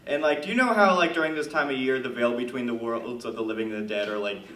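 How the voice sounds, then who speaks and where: A man's voice: mid-range voice, fast, a bit bright. Hesitant man with an echoey far-off mic. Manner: hesitant, nervous, full of fillers. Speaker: stand-up comic. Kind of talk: stand-up comedy intro.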